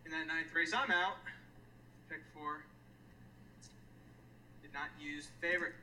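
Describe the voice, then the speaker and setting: Host: man, high bright voice, quick jokey race caller, slightly distant mic. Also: fairly even intonation, slight background noise. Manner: joking, self-mocking, quick asides. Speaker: handicapping show host calling a race replay. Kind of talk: fast race call then casual joking chat.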